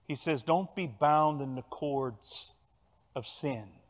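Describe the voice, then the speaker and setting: An older man with a Cajun Louisiana accent preaching a sermon, telling stories with animated bursts of loud emphasis. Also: mid-range voice, slow pace. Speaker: pastor. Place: large church sanctuary. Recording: long church hall reverb.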